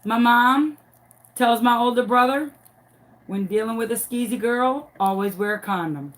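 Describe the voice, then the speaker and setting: A man's voice: very high-pitched, a little slow, fairly bright tone. A woman voicing a sweet, clueless young schoolboy who speaks innocently and matter-of-factly. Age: child, young boy.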